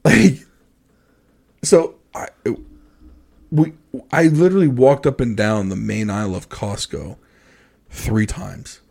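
A man on a podcast telling a rambling, animated story in casual chat. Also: lowish voice, takes it slowly, creaky, pauses often, husky. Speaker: podcast co-host.

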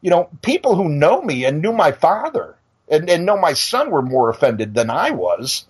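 Middle-aged guy ranting on his podcast, husky voice, swings up and down a lot, swears constantly. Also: on the high side, big pitch swings, moderate pace. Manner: profane, blunt, stammers into restarts. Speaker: podcast and radio show host. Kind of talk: heated casual rant.

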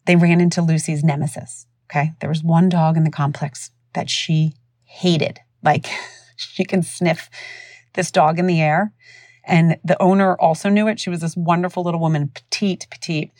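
A woman in her thirties hosting a podcast, telling stories in a casual, animated way and acting out other people's voices. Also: lowish voice, brisk, dry recording, clean studio sound. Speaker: podcast host. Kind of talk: casual storytelling.

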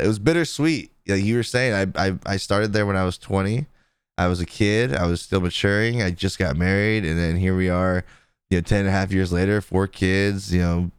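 Low, smooth-voiced man telling a story with laughter. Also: no echo, clean studio sound. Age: 30s. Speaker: podcast co-host. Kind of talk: casual chat.

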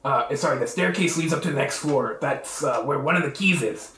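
A man voicing Trevor, a small nervous male grung guide, in a hushed, jittery way, recorded in an echoey room. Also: on the high side, brisk, distant mic. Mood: warning.

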